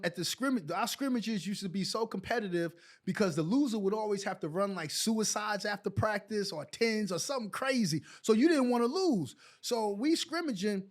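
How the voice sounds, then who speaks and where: A man from New York tells stories in a loose, casual way, and his voice sits unusually high for a man. He acts out quoted lines in a raised, lively voice before dropping back into the telling. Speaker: guest, former pro basketball player. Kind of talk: casual storytelling.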